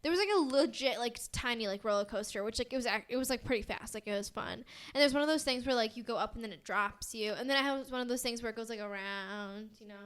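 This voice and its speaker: A woman's voice: fairly high pitch, fast, hardly any pauses, fairly bright tone. A young woman with an American accent, co-hosting a podcast in bubbly casual chat, full of "like" and giggles. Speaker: podcast co-host.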